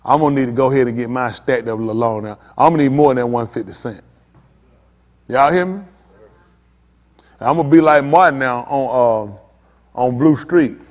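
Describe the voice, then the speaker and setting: A man's voice: mid-range voice, big-room sound. A man preaching a sermon as pastor, fervent and repetitive in casual vernacular speech.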